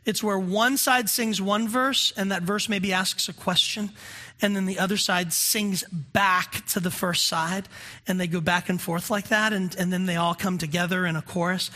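Preacher with a bright voice, talks to the crowd like a chat, earnest, asks them stuff. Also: medium pitch, steady tone, moderate pace. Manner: earnest and conversational, asks the listeners questions. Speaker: pastor. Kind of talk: sermon.

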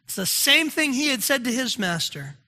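Preacher with a bright voice, talks to the crowd like a chat, earnest, asks them stuff. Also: high-pitched, very animated, normal speed. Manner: earnest and conversational, asks the listeners questions. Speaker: pastor. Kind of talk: sermon.

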